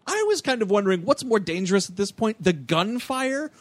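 A man co-hosting a casual podcast, excitedly recapping a movie, laughing and acting out lines. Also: high voice, brisk, no echo. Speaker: podcast co-host.

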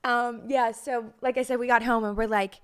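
A woman's voice: a little high, steady tone, moderate pace, clear, resonant tone. A woman co-hosting a podcast in casual chat, laughing often as she talks. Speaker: podcast co-host.

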